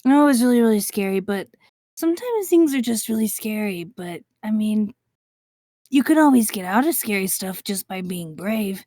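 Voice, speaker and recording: A woman voicing a kind young girl in a tabletop role-play, gently encouraging and coaxing. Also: medium pitch, animated, normal speed, no echo, clean studio sound, natural voice. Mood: reassuring. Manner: soft, reassuring, coaxing.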